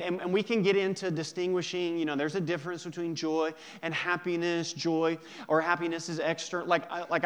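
A man's voice: fairly high pitch, fairly bright tone. Joking, conversational man preaching a sermon. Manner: conversational and joking, drawing out key words slowly. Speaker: pastor.

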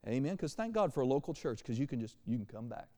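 A man preaching a sermon as pastor, animated, shifting between quiet and loud passages. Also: mid-range voice, fast, long reverb tail. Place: church sanctuary.

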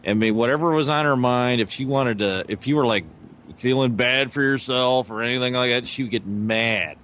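A man's voice: mid-range voice, normal speed, a bit bright, slight background noise. A man in casual chat, telling a rambling personal story full of swearing, laughing as he acts out quotes. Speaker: podcast co-host telling a story.

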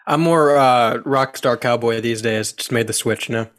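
A young adult man, a guest DJ in a casual chat, talking in a relaxed, self-mocking way. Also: medium pitch, normal speed.

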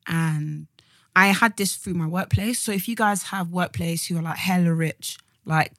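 A woman, talking casually on a podcast. Her voice sits a little low, and the recording is close and dry. She chats in slang, trails off and restarts. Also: moderate pace, a bit bright, dry recording. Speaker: podcast co-host. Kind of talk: casual chat.

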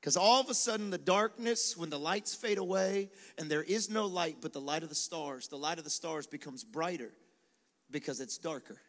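A male pastor preaching a sermon in a lively, conversational style, with quick acted asides and dares to the congregation. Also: a little high. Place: large venue with live congregation. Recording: long hall reverb.

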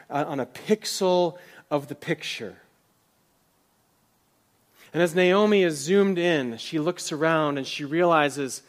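A man's voice: a little high, animated, moderate pace, pauses often. Impassioned male pastor preaching. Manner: dramatic, voices biblical characters' words with rising intensity; drops to a soft whisper at tender moments. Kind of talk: sermon. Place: church.

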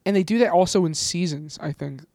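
Young male podcast co-host, rambling storyteller, slightly high-pitched, dry close sound. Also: a little fast, darkish tone, no room sound. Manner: rambling, laughs often, loose storytelling. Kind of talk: casual chat.

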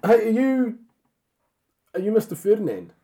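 An overeager film pitcher with a New Zealand accent, bursting into high squeaky excitement, as a man puts him on. He gushes and stammers in a raised voice. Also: normal speed. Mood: excited.

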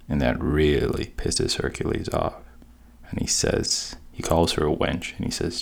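A man casually retelling a story in an unhurried, halting way. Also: extremely low pitch, level tone, vocal fry.

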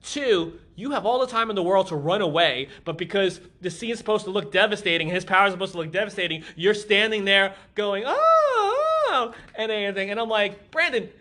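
A man with a high, bright, ringing voice chats loosely through an episode recap. He keeps slipping into mocking impressions of the characters as he retells their lines. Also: brisk, few pauses. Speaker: podcast co-host. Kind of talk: casual episode recap chat.

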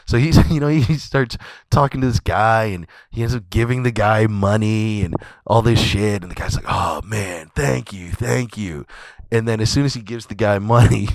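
A man's voice: lowish voice, fairly quick, dry recording. A man hosting a podcast, telling a comedic story in a loose, profane, laughing way. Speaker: podcast host.

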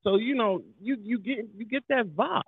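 New co-host, animated casual banter, husky voice, phone-line quality. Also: male voice, very high-pitched, normal speed, dry recording. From New York. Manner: animated, hypes up with shouted mock street talk. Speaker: podcast co-host. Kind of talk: casual chat. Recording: tinny phone-like sound.

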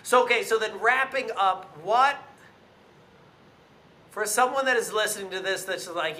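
A man's voice: high-pitched, unhurried, pauses often, bright, forceful tone, a little hiss or hum. A man chatting animatedly as the interviewer on a podcast, often repeating and echoing his phrases. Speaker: guest interviewer. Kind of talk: casual chat.

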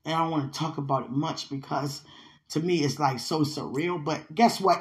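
A young woman speaking to her partner in an emotional, spiritual monologue. She sounds heartfelt and often tearful, and her voice swings between loud outbursts and hushed asides. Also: low-pitched, moderate pace.

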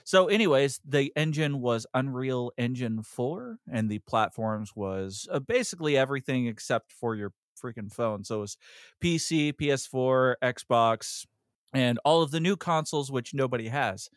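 A man's voice: mid-range voice, animated, normal speed, no echo, clean studio sound. A man co-hosting a podcast, chatting casually and joking with many fillers. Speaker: podcast co-host. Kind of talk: casual chat.

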